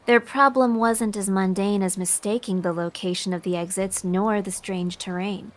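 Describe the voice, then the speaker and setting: A woman reading a visual novel aloud as the narrator, telling it in a steady, expressive way. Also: medium pitch, moderate pace. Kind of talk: dramatic narration read aloud.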